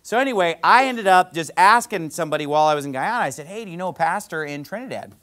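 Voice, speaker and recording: A man from the United States, a preacher, telling a travel story in an animated way and acting out the people he quotes. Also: sits high, fast talker. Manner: animated, quotes others in lively voices. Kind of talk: storytelling sermon.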